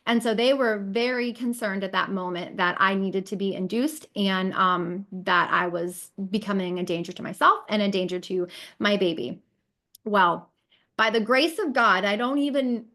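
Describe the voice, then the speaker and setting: A woman's voice: medium pitch, fairly bright tone. A woman in her thirties, a podcast guest, telling a personal story in an earnest way, full of quoted dialogue and fillers.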